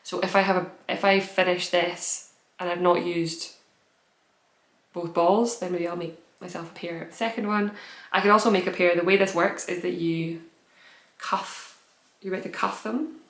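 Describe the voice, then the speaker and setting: A woman's voice: fairly low pitch, little pitch movement, normal speed. A woman hosting a knitting podcast, chatting casually and rambling with frequent self-corrections. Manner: rambling, self-interrupting, candid. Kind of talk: casual chat to camera. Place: home room in fading daylight. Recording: echoey room.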